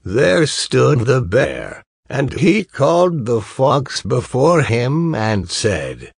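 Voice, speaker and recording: A man reading a fairy tale aloud as an audiobook narrator, unhurried. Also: medium pitch, sing-song, creaky, breathy edge, no echo, clean studio sound. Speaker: audiobook reader. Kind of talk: scripted narration.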